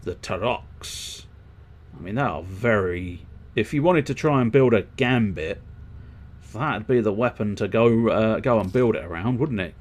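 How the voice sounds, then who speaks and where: A man's voice: fairly low pitch, unhurried. A man streaming a video game who rambles and swears as he thinks aloud while customizing his gear. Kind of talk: casual let's-play commentary.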